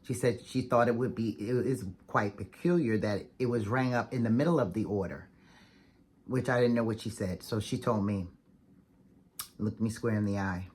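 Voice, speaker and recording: A woman vlogger telling a story to the camera in a chatty, fast, animated way, full of "like"s and acted-out quotes. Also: very deep voice, husky. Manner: chatty, fast-talking, animated retelling with many "like"s.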